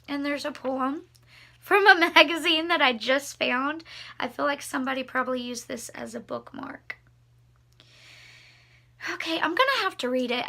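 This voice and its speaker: A young woman with a high, bright voice talks through her finds in a hushed, awed way. She speaks slowly and softly, sometimes dropping close to a whisper as she chats and reads aloud to her viewers. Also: creaky. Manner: soft-spoken and awed, often hushed. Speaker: vlogger showing thrift finds. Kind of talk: casual vlog chat and reading aloud.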